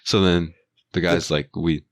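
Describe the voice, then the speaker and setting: A young man co-hosting a podcast, telling an animated, profane story in casual chat and acting out the people in it. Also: low voice, measured pace, dry recording. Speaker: podcast co-host.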